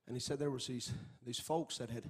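A man preaching a fiery sermon. He chants in a sing-song cadence, builds to shouts, then drops into quiet storytelling. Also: mid-range voice, steady tone, a little fast, slightly rough.

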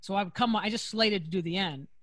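A woman's voice: mid-range voice, fast, fairly bright tone, no echo. A woman hosting a comedy talk show, rambling through her thoughts in casual chat. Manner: rambling, restarts thoughts often. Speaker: host.

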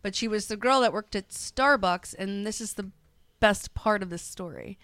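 A woman's voice: medium pitch, moderate pace, clear, resonant tone, dry recording. A woman co-hosting a podcast, chatting casually and acting out movie scenes as she tells them. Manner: animated storyteller, acts out movie lines. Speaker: podcast co-host. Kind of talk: casual chat.

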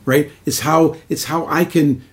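A man co-hosting a podcast in a casual chat, eager and quick to agree. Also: a little high, fairly even intonation. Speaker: podcast co-host.

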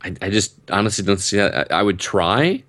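A man in his thirties with a very low, deep voice tells a winding personal story in casual chat. He keeps stopping and restarting his sentences and fills the gaps with ums. The sound is dry and close, with almost no room echo. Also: animated, brisk, fairly bright tone. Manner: rambling, self-interrupting storyteller with frequent ums. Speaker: guest telling a personal story. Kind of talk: casual conversation.

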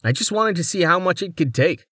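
A man voicing a brisk young male captain who talks casually and gets straight to business. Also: high voice, expressive, sharp tone, husky, no echo, clean studio sound, pitched above the performer's own voice, full character voice.

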